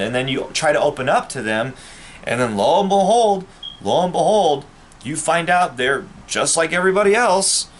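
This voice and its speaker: A man's voice: fairly high pitch, lively intonation, normal speed, slight background noise. A man, a vlogger, ranting to camera in a bitter, angry and profane way. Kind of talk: personal rant to camera.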